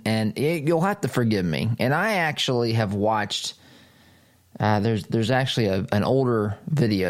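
A man hosting a conservative talk radio show, talking in a chatty, rambling, argumentative way with frequent chuckles. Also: on the low side.

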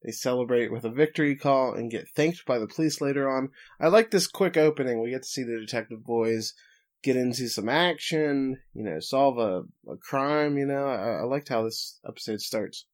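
A man's voice: medium pitch, moderate pace. Guy hosting a podcast, casual and jokey, recapping stuff. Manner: jokey, recapping episodes with playful asides. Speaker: podcast host.

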